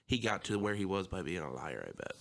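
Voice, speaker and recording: A man's voice: sits low, expressive, fast talker, creaky, a bit bright. A man with a Philadelphia accent co-hosting a podcast, telling stories casually with swearing and laughter. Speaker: podcast co-host. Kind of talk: casual chat.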